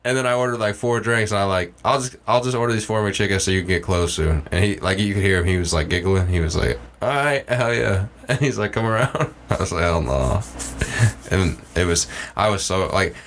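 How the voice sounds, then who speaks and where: A man's voice: low voice, steady tone, quick pace, hardly any pauses, a bit bright, slight background noise. A young man co-hosting a podcast, telling a laid-back story in casual chat. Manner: laid-back storyteller, says bro a lot. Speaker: podcast co-host.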